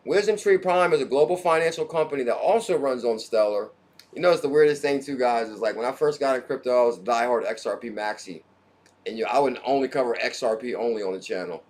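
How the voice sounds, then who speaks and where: A man hosting a crypto livestream, chatting casually and excitedly, hopping between topics and greeting viewers in the chat by name. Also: mid-range voice.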